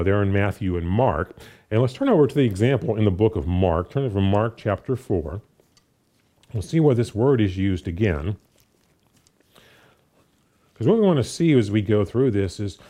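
Lively, mellow-voiced male preacher. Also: fairly low pitch. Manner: animated, many fillers and restarts. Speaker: pastor. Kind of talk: sermon.

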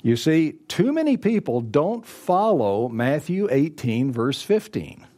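Very animated yet slow-paced, this man's warm voice sits on the high side. As a pastor delivering a sermon, he drives points home through repetition and acts out dialogue people might exchange.

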